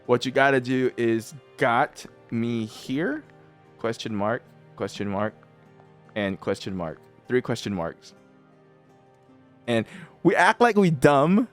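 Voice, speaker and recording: A man's voice: mid-range voice, very animated, unhurried, pauses often, faint music behind. A man giving casual commentary while playing a mobile strategy game, chatty and teasing, often breaking into laughter.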